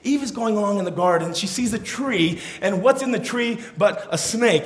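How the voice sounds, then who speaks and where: A man preaching a humorous sermon as pastor, with animated, joking storytelling. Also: sits high, moderate pace, hardly any pauses, echoey room.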